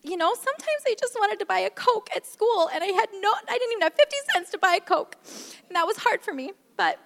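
A woman's voice: very high voice, big pitch swings, fast, gravelly, fairly bright tone. A woman giving a candid, self-deprecating personal testimony about her marriage at a church gathering, with many fillers. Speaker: speaker sharing a marriage testimony. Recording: long reverb in a large hall.

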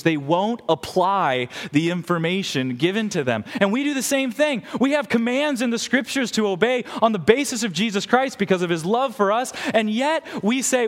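A man's voice: high voice, expressive, moderate pace, in a large hall. A man pastor preaching a sermon, earnest and storytelling, building intensity as he presses his point in a church.

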